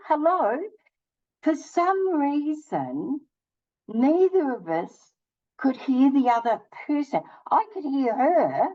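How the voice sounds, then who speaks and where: Sitting high and mellow, this older woman's voice comes through a muffled recording. As host of her own channel, she relaxedly tells a personal tale and voices both sides of every conversation.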